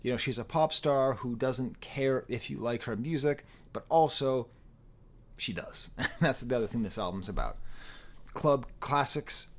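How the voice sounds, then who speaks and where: Man, music reviewer, casual rambling talk, animated, restarts a lot. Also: medium pitch, a little slow. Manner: rambling, animated, self-interrupting. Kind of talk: casual spoken album review.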